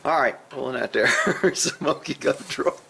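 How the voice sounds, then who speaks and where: A man chatting casually in an outdoor vlog, laughing often and scolding his pets in a high sing-song voice. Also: normal speed, vocal fry, sharp tone, slight background noise. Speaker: horse and pet owner vlogger.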